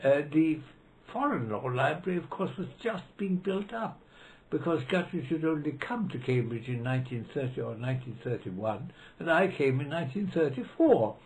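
A man's voice: fairly high pitch, expressive, normal speed, a little hiss or hum, rough recording. Hesitant older foreign-born man reminiscing. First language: not English. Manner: hesitant, anecdotal, acts out quotes in raised voice. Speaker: interviewee, retired law professor. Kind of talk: oral history interview.

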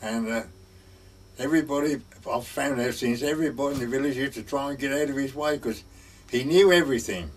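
A man's voice: medium pitch, distant mic, a little hiss or hum. An older man telling rambling village anecdotes, chuckling and quoting each speaker with "he said". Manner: rambling, chuckling, quotes everyone with "he said". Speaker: village storyteller. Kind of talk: oral history anecdotes.

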